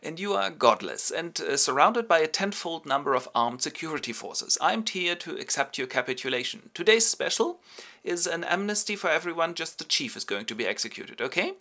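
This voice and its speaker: A man's voice: a little high, sing-song, fairly quick, bright, forceful tone, pitched above the performer's own voice, heavily acted. A man voicing a pompous, officious middle-aged priest delivering terms.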